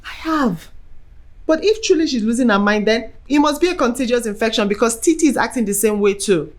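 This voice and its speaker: Actress as a volatile grieving young wife, Nigerian accent, high swooping pitch. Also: female voice, expressive, a little fast, natural voice. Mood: troubled. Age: young adult. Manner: erupts into shouting fury. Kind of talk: film acting.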